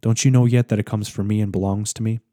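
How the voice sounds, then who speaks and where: Soul spirit, stern and ageless, read by a man: low, even delivery, dry close sound. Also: fast, dry recording, lightly acted. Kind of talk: dramatic reading aloud.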